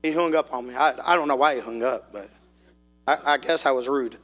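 Male preacher, bright and forceful tone, folksy and animated, recorded in a reverberant church hall. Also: medium pitch, a little fast. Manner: folksy, animated, rises to shouting. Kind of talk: sermon storytelling.

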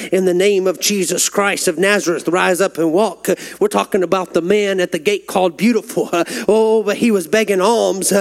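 Delivering a sermon full of stories, this man from Texas builds toward impassioned high points. His pitch rises as he grows fervent and stirred.

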